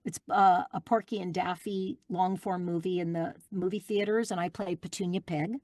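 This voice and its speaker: A middle-aged woman, a guest voice actress, chatting in an interview and telling lively stories with plenty of fillers. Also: fairly low pitch, moderate pace, dry recording, clean studio sound. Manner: warm, animated storytelling with fillers. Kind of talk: casual interview chat.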